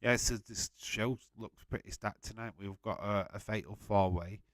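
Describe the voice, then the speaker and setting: A man's voice: on the low side, fairly even intonation, moderate pace, dry recording. A man hosting a casual live-stream watch-along, chatting to viewers by name, laughing often and swearing freely.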